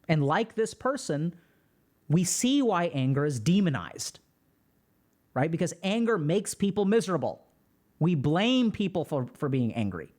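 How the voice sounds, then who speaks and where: Calm, reflective man host. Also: high-pitched, moderate pace. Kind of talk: reading and commenting on a viewer post.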